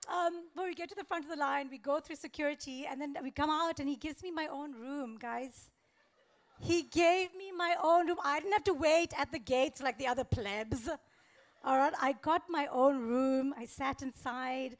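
A young woman performs a stand-up set, her voice high with a gravelly edge. She tells her story in a deadpan, faux-naive way, breaking into small laughs now and then. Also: normal speed. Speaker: stand-up comedian.

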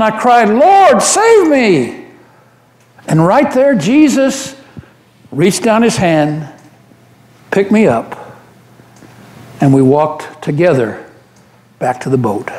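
A man playing Simon Peter, earnest fisherman storyteller. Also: sits high. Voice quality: earnest, animated storyteller with frequent restarts. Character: apostle Peter, a rough, devoted fisherman retelling his memories. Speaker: church member giving a dramatic monologue. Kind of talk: first-person dramatic monologue in a worship service. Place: church sanctuary. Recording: roomy church echo.

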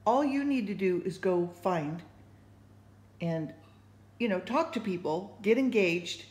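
A woman talks slowly about her faith in a loose, rambling way, restarting her sentences and dropping in lots of fillers. Her voice sits at a middle pitch. The room around her is echoey. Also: animated, a little mellow. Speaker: speaker sharing faith thoughts. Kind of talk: casual spoken reflection.

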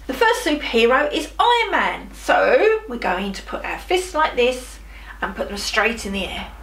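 A woman's voice: mid-range voice, a bit bright, slight background noise. A woman, a primary school teacher, leading a children's drama game with playful sound effects and encouragement. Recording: roomy, voice from a distance, music behind.

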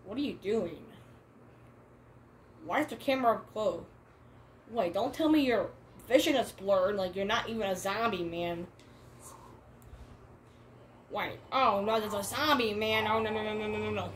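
A woman giving let's play commentary, excitable and repetitive, calling everyone "bro" and "man" and shouting at the screen. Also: medium pitch, unhurried, pauses often, slight background noise. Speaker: gamer.

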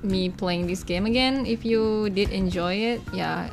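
A woman's voice: medium pitch, measured pace, vocal fry, over music. A young woman hosting a casual gaming video, talking loosely with lots of fillers and frequent giggles. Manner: giggly, laughs often between remarks; loose, filler-heavy talk with "like" and "you know". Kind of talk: casual gameplay commentary.

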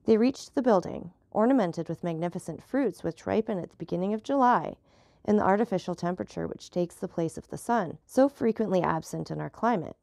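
A woman reads a classic novel aloud at a steady storytelling pace. Her voice has a gravelly texture. The recording is dry, with no room sound. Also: lowish voice, fairly quick, dry recording. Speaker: audiobook narrator.

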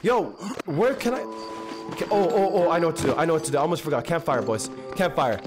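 A hoarse young man streaming a game live, chatting excitably and slangily with his viewers. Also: a little high, fast, over music. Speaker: gaming streamer. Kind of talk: live gameplay commentary. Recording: noisy stream audio with clicks.

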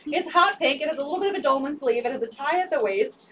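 A woman's voice: high-pitched, animated, fast, far from the mic, a crowd in the background. A woman selling secondhand clothes on a live stream, upbeat and repeating sizes, prices and item numbers. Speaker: resale live-stream seller. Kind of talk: live sales pitch.

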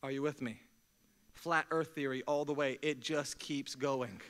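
A young man preaching a sermon to his church, energetic and joking, calling out to the congregation to respond. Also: mid-range voice, unhurried. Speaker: pastor. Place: church sanctuary.

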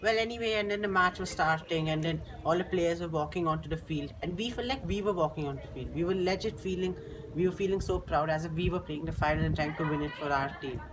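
A teenage school student tells a story fast in a medium-pitched voice, chatting and rambling with frequent restarts. Background noise can be heard throughout this casual storytelling monologue.

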